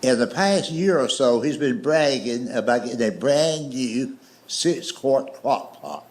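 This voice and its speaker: A middle-aged man telling stand-up stories in a slow, folksy way. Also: mid-range voice, animated, a little mellow, slight background noise. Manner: slow, drawling storyteller with folksy grammar. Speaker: stand-up comedian. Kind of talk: stand-up storytelling. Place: comedy stage with audience laughter.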